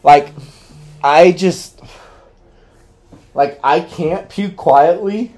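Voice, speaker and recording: A young man in casual podcast chat, speaking in a halting, low-key way full of fillers. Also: a little mellow. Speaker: podcast co-host.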